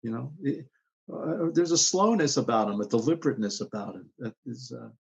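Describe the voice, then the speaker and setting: Gravelly husky man, halting speech. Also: mid-range voice, animated, lo-fi sound. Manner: rambling, halting with many restarts. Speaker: actor guest. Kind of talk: podcast interview.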